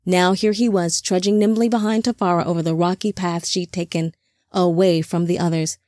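A woman reads an audiobook in an even, measured way. Her voice is on the low side, and the clean studio recording has no room sound.

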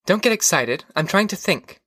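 Brief: vague, brittle wife, higher and lighter, put on by a male narrator, dry close sound. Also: lively intonation, normal speed, bright, forceful tone, breathy edge, no echo, full character voice. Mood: airy. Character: woman, wife, vague and airy.

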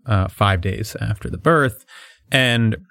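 A man's voice: fairly low pitch, slow pace, vocal fry, a bit bright, dry recording, clean studio sound. A man co-hosting a podcast, reading a book passage aloud and then mocking it with sarcastic jokes and frequent laughter. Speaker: podcast co-host.

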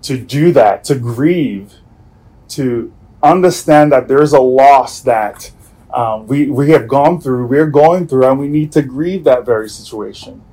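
A man preaching a sermon as pastor, earnest and searching, often repeating himself and letting sentences fall away quietly. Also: mid-range voice, unhurried, low-quality recording. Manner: earnest, with many restarts and soft trailing endings.

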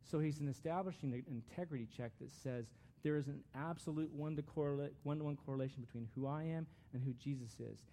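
A man's voice: fairly high pitch, quick pace, few pauses, mellow, a little hiss or hum. A man giving a conversational, earnest sermon as a pastor, with frequent restarts.

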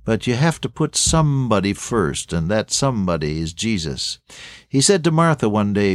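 A man's voice: lowish voice, sing-song, dry recording. Earnest male preacher, dry sound. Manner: earnest, rising and falling emphasis, slow stress on key phrases. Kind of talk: sermon.

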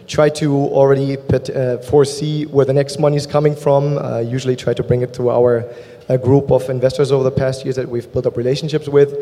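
A man's voice: mid-range voice, flat delivery, brisk, dark tone. A man with a German accent speaking as an angel investor on a panel discussion, talking steadily with a few fillers. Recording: long hall reverb.

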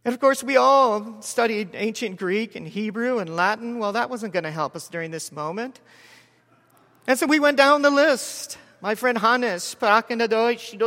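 A man in his forties preaching a sermon as a story, measured with dramatic pauses and soft drops. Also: high voice. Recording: long hall reverb.

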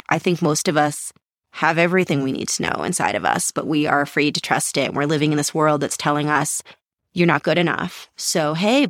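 A woman in her forties tells stories about herself, candid and quick to poke fun at herself. Her voice sits fairly low for a woman, and the sound is close and dry. She talks casually, acting out her old thoughts with lively turns. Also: no echo. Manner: candid, self-mocking, animated storytelling. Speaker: podcast host. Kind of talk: casual interview answers.

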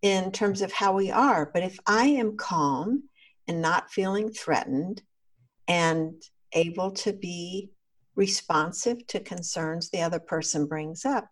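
A woman co-hosting a podcast, speaking in a calm, measured way about conversations. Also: fairly low pitch. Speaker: podcast co-host. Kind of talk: reflective conversation.

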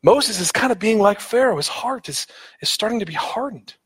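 A man with a high, light voice preaches a sermon. He talks earnestly, stumbling over repeated words and lifting his voice when he drives a point home. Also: expressive, moderate pace, breathy edge. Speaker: pastor.

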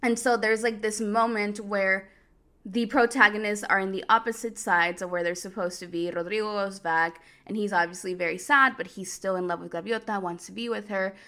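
A woman hosts a casual podcast episode, retelling a telenovela storyline in a loose, chatty way. Her voice has a steady middle pitch with plenty of vocal fry, and she sprinkles in "like" and amused side comments as she talks. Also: moderate pace. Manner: chatty, heavy use of "like", amused asides. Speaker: podcast host. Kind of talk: casual recap of a telenovela plot.

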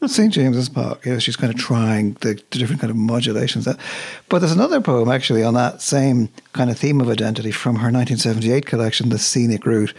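Gravelly, husky man. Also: mid-range voice. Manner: thoughtful, measured, with hesitant restarts. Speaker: co-host of a books show. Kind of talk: relaxed literary radio chat.

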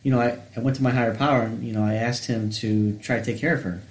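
A man's voice: medium pitch, fairly even intonation, fast. Male co-host, sincere and reflective, roomy echo on the voice. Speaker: podcast co-host. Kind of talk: casual faith-based chat.

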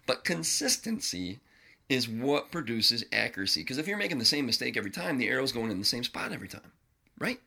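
A middle-aged man talking casually to his viewers, animated and swearing freely, repeating phrases for emphasis. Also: medium pitch, brisk, creaky, husky. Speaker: vlogger sharing his recovery journey. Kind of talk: casual talk to camera.

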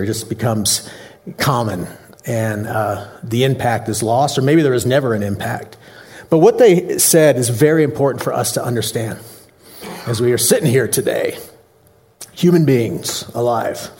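A man's voice: mid-range voice, lively intonation, moderate pace, a little mellow. A male pastor giving a Christmas Eve sermon in a joking, conversational way, asking the congregation questions.

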